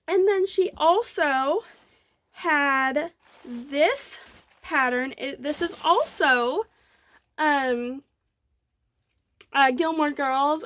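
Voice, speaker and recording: A young woman hosting a casual crafting show-and-tell, bubbly and gushing, rambling with lots of fillers. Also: high voice. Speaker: knitting podcast host.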